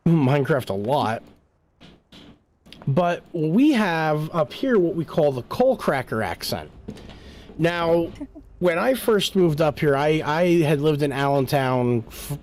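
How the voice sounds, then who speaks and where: Middle-aged jersey guy rambling on stream, kinda high voice, lots of ums. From New Jersey. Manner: rambling, animated storytelling with filler words. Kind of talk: casual chat while gaming.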